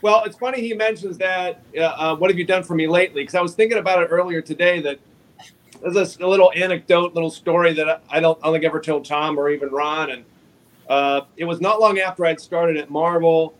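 A man telling casual anecdotes as a guest on a video call, rambling and halting with small chuckles. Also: fairly high pitch, steady tone, poor audio. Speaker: guest comic artist.

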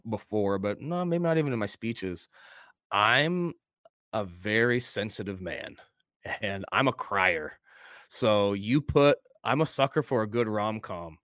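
A middle-aged man talking openly and earnestly as a guest in a casual interview. His voice is low and smooth, recorded dry and close. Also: fairly bright tone, dry recording. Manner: open, earnest storytelling. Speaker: wrestler guest.

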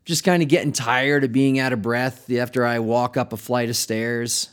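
A man's voice: medium pitch, steady tone, moderate pace, natural voice. Man putting on a stammering, defensive gym newbie. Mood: hesitant.

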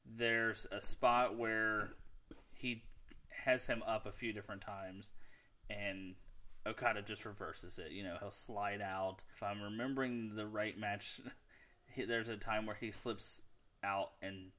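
A man's voice: lowish voice, fairly even intonation, measured pace, bright, forceful tone. A man co-hosting a podcast in casual chat, easygoing, chuckling now and then. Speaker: podcast co-host.

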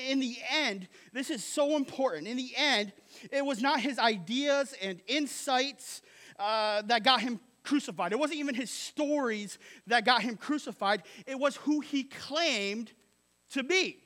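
Male pastor, sermon; unusually high-pitched, punchy and repetitive, slangy asides. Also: pushed and bright. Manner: emphatic, repeats phrases, tags lines with "right?".

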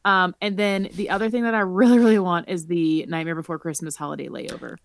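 A woman's voice: lowish voice, fairly quick, gravelly, no echo. A woman co-hosting a podcast in casual chat, playful and teasing. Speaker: podcast co-host.

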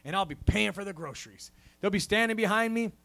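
A man's voice: sits high, fast talker, gravelly, a bit bright. A man preaching a sermon in a church, punctuating with a call of "amen?" and a rising preacher cadence. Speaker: pastor.

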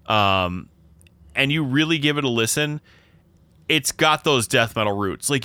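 Podcast guy rambling on, bright voice, dry close sound, keeps going off on tangents. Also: mid-range voice, no echo. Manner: rambling, self-interrupting storyteller. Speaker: podcast co-host. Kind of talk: casual chat.

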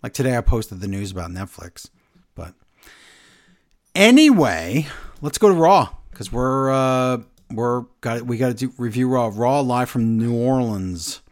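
A man hosting a casual wrestling podcast, recapping the show in excited, animated bursts. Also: medium pitch, moderate pace. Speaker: podcast host.

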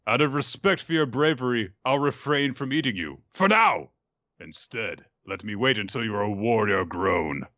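A man's voice: lowish voice, lively intonation, moderate pace, pushed and bright, no echo, highs cut off. A man voicing a giant, boastful male werewolf in a casual retelling, with a mock-grand delivery. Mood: grandiose. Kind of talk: casual recap with impressions.

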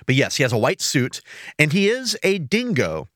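Animated man in dry close-up chat. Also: fairly high pitch, normal speed, dry recording. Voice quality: rambling, self-interrupting. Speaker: podcast host. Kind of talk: casual chat.

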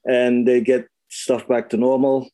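A man's voice: mid-range voice, level tone, a little slow, mellow, no echo. A man from Trinidad co-hosting a casual podcast chat, laid-back and teasing, laughing often. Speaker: podcast co-host.

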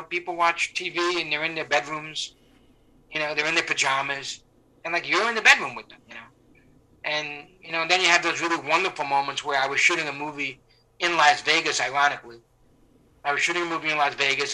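A middle-aged man telling stories in an interview, rambling and full of restarts. His voice sits a touch high, with a sharp, forceful brightness. He acts out the people he quotes. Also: rough recording. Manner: rambling, with many restarts and fillers. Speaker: actor, interview guest. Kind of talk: casual anecdotal storytelling.

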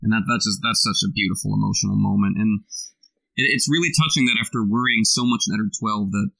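A man co-hosting a podcast, discussing a book in a quick, analytical way with long run-on thoughts. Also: on the low side, creaky, pushed and bright, low-quality recording. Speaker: podcast co-host.

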